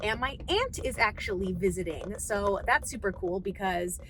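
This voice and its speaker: A woman's voice: medium pitch, animated, moderate pace, background noise. A young adult woman vlogging in a casual, chatty way, often laughing, recorded on a handheld camera outdoors and in her car. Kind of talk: casual vlog chat.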